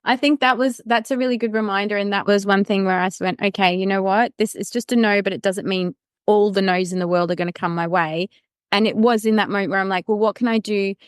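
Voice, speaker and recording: Smooth-voiced woman hosting a podcast. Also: medium pitch, fairly even intonation, fast, no room sound, studio quality. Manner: affirming, encouraging. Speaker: podcast host. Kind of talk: casual podcast interview.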